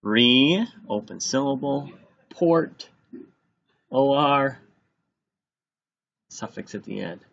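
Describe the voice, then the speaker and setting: Slow, patient male teacher dictating spelling. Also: mid-range voice, creaky. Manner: sounds out words slowly and repeats them. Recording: dull lo-fi recording.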